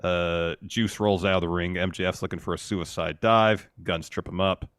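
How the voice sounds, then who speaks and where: Brief: deep-voiced co-host, even casual recap, dry studio sound. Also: male voice, moderate pace, clean tone, no room sound. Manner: steady play-by-play recapping. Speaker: podcast co-host.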